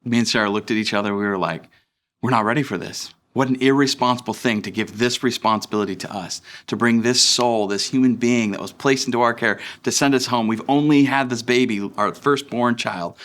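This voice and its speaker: A man's voice: mid-range voice, fairly even intonation, a little fast, fairly bright tone. A young man giving a sermon as a pastor, earnest and conversational, with frequent fillers and restarts. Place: church.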